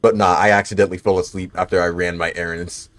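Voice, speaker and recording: A man in his twenties with a lowish voice gives laid-back, swear-heavy commentary while he plays a game. He chats loosely with his viewers between fights and is bothered by the hiccups. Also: level tone, fast, a bit bright. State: has the hiccups. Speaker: gaming streamer. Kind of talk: casual gameplay commentary.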